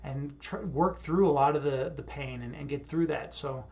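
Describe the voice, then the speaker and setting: A man's voice: on the high side, moderate pace, vocal fry, a little mellow, muffled recording. Rambling, hyped-up young male streamer. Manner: rambling, repeats words, laughs at himself. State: hyped up after yoga. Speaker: livestream host. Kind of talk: casual livestream chat reading viewer comments.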